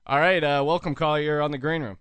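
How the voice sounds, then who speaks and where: A man's voice: fairly high pitch, fairly even intonation, fast, a bit bright, clear, resonant tone, no room sound. A man in his twenties hosting a live call-in talk show, telling rambling, jokey stories with crude language. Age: 20s. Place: small studio.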